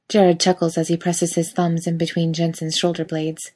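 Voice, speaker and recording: A woman reading a fan fiction story aloud with wry, lively storytelling. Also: fairly low pitch, normal speed, few pauses. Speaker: reader.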